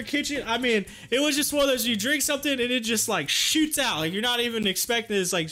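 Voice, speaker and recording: A man's voice: extremely high pitch, bright, forceful tone. A man hosting a livestream, rambling through a funny personal story and laughing often. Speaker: livestream host. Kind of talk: casual storytelling.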